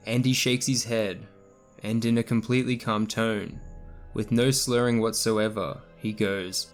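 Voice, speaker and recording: A man narrating a true scary story in the first person, in a steady, scripted storytelling manner. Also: lowish voice, unhurried, faint music behind.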